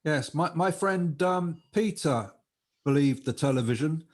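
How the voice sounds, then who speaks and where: A man hosting an interview, talking haltingly and repeating his words. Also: a little high, expressive. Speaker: interview host. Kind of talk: casual interview talk.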